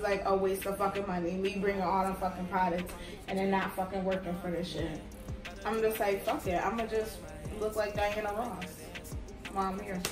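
A young woman giving a casual wig review, blunt and profane, complaining in exasperation. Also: mid-range voice. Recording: roomy sound from a distant mic with music behind.

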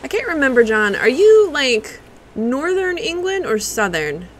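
A woman streams a video game and reacts with curses and quick asides to her chat. Her voice sits a little high and bright, and she speaks slowly. A faint hiss runs under the mic. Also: very animated, poor audio. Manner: profane, reactive, talks to chat. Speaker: livestreamer playing a video game. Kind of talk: casual live gameplay commentary.

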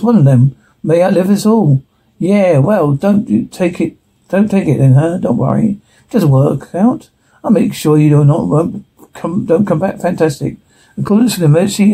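A man's voice: on the high side, mellow, slightly rough. A man reading a TV script aloud on his own, voicing every part and calling out the sound cues, with frequent stumbles and restarts. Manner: reads every part and stage direction in one voice, with stumbles and restarts. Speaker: solo reader voicing all parts and sound cues.

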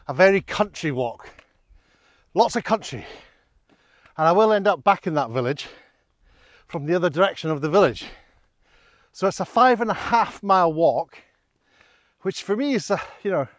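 A Scottish man narrates a casual walking vlog in open countryside, chatty, rambling and self-deprecating, and a little out of breath on the climbs. His voice is on the high side, and the recording is dry and clean, studio-like.

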